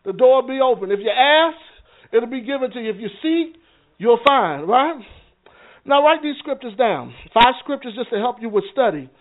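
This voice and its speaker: Man, very high voice, church teaching session, conversational, checks in with listeners, tinny phone-line sound. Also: lively intonation, moderate pace. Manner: conversational, checks in with the room, repeats words. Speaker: minister teaching a Bible class.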